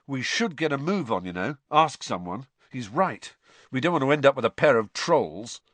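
A man's voice: mid-range voice, big pitch swings, normal speed, fairly bright tone, no room sound, voice pushed up. A man doing a grumbling teenage schoolboy. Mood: offhand. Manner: bitter, offhand.

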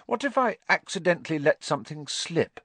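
A man's voice: on the high side, big pitch swings, a little fast, a bit bright, no room sound, voice pushed up. A man reading aloud and voicing a bitter, defiant teenage boy who speaks coldly. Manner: cold, clipped, sullen.

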